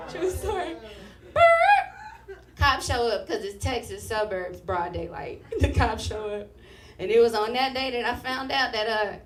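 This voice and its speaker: Woman, stand-up comedian, high-pitched, distant mic, animated storytelling. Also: echoey room, very noisy. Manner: animated storytelling, acting out voices, profane. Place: comedy club stage with live audience.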